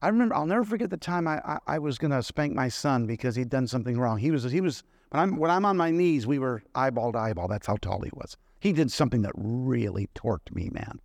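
A man's voice: medium pitch, animated, fast talker, creaky, hardly any pauses, darkish tone, no echo, studio quality. A middle-aged man preaching a sermon, telling personal stories in a conversational way and asking the congregation questions.

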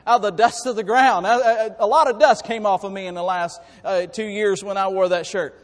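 High-voiced preacher man in a reverberant hall. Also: fairly even intonation, a little fast. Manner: swings from soft musing to loud, rising preaching with restarts; jokes with the congregation. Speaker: pastor. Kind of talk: sermon. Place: church sanctuary.

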